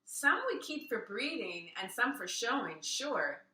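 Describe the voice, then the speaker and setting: A woman's voice: a little high, very animated, unhurried, bright, forceful tone, full character voice. A woman reading aloud as a hesitant, blunt farmhand, heard roomy and from a distance.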